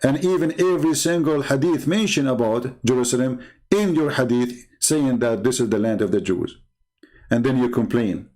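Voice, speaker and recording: A man's voice: medium pitch, moderate pace, a little mellow. A man delivering a combative, mocking monologue as an online religious debater, growing heated as he makes his points. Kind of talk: impassioned monologue.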